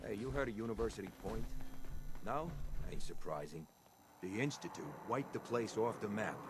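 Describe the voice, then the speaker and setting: A man voicing a gruff local who talks offhandedly. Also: on the low side, expressive, normal speed, natural voice. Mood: offhand. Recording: game audio with clear background noise.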